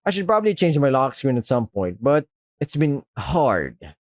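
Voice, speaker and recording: A young man reading a visual novel aloud, narrating in a wry, deadpan way. His middling voice moves through a lively range of pitch. The sound is dry and close. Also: normal speed, dry recording.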